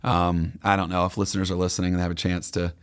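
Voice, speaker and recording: A man guest musician chatting in a casual radio interview, excitable and devout, with lots of restarts and fillers. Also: sits low, fast talker, smooth. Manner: devout, says praise phrases.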